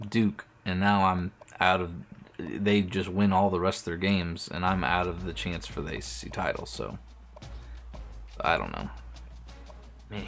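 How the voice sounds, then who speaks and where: A young man with a deep, low voice talks his way through a football video game, thinking aloud, cursing and breaking off mid-sentence. Faint music plays quietly behind him. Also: gravelly. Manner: talks to himself while playing, swears often, restarts sentences. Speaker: streamer. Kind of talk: casual gameplay commentary.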